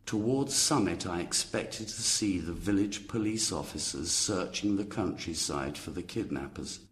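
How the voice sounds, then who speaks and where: Deep-voiced man narrating a story. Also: normal speed. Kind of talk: audiobook story narration for learners.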